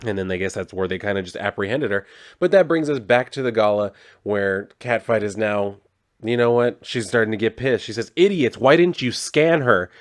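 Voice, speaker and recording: Guy rambling about comics, low-ish voice, swears a lot. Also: brisk. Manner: casual, swears often. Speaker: comic book reviewer. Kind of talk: casual review chat.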